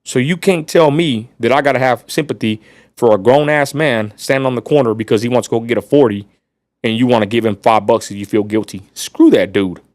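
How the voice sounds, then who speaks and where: A man's voice: mid-range voice, a little fast, darkish tone, no room sound. Livestream host, male, West Texas accent, blunt ranting delivery, dry close sound. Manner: blunt, ranting, addresses viewers as y'all. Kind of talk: casual livestream rant.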